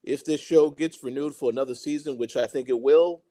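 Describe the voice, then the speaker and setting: A man with a mellow, dark-toned voice and middle pitch gives his take in a relaxed TV recap chat. He thinks out loud about where the story goes next. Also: brisk. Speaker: podcast co-host.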